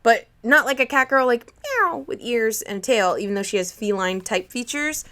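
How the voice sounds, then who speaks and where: A young woman co-hosting a casual comic book chat, retelling the story in a playful, animated way. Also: on the high side, moderate pace. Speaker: comic podcast co-host.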